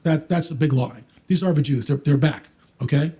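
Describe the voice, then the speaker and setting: Man preaching fast and emphatic. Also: on the high side, warm tone, husky. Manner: emphatic, quotes scripture, mocks skeptics. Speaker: Bible prophecy speaker on a podcast. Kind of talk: fast, preachy podcast talk.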